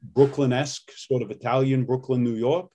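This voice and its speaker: A man's voice: mid-range voice, fairly even intonation, moderate pace, mellow. A man in a casual interview, talking through his teaching methods as an accent coach. His delivery is loose and explanatory, often stopping to give examples. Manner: explanatory, loose and laughing easily.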